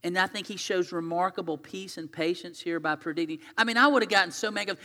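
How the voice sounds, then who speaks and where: Bright-voiced male pastor in a reverberant hall. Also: high voice, fairly even intonation, fast talker, hardly any pauses. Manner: conversational storytelling, swinging from loud to hushed. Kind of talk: sermon.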